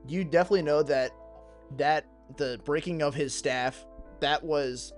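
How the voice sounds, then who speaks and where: A man's voice: fairly high pitch, unhurried, faint music behind. A young man as game master, describing scenes vividly. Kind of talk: narrating a tabletop game.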